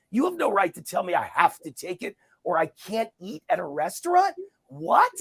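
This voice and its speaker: A middle-aged man speaks in a high, gravelly voice with a husky edge. He argues his case in an interview, forceful and combative, driving each point home through repetition. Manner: emphatic, combative, repeats points for emphasis. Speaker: interview guest, commentator. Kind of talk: heated political interview talk.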